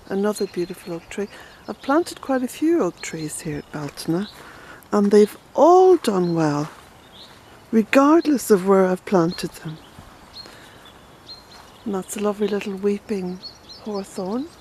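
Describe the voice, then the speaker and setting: An Irish woman chatting her way through a garden tour outdoors, fond and unhurried, with bursts of indignation. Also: medium pitch, animated, mellow, a little hiss or hum, poor audio. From Ireland. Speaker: smallholder and author giving a garden tour. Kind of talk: casual walking garden tour.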